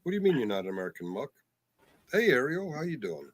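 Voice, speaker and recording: A man's voice: medium pitch, sing-song, fast. A man co-hosting a casual live-stream, rambling and teasing the others. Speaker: stream co-host.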